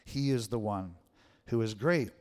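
Preaching in a church sanctuary, a male pastor keeps his sermon conversational and often turns to the congregation with "right?". He speaks a little slowly in a fairly low, darkish voice, with a big-room sound.

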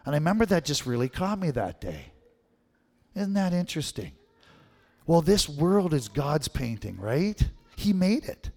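A man's voice: on the high side, big pitch swings, unhurried, a little mellow. A middle-aged Canadian man from Manitoba preaching a sermon, telling stories and asking the crowd questions with a frequent "right?". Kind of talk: sermon with storytelling. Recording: long reverb in a hall.

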